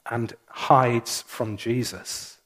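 A man, the church's minister, preaching a sermon in a church, with slow, measured delivery and pauses. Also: medium pitch, fairly even intonation, a bit bright.

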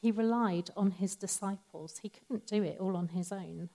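Woman preaching, warm mellow voice. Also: medium pitch, normal speed, poor audio. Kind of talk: sermon.

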